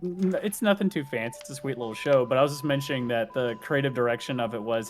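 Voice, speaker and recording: Chuckling voice actor, easygoing chat. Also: male voice, mid-range voice, fast, a little hiss or hum. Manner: laughs through his stories, chuckling. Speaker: voice actor guest. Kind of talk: casual chat on a game stream.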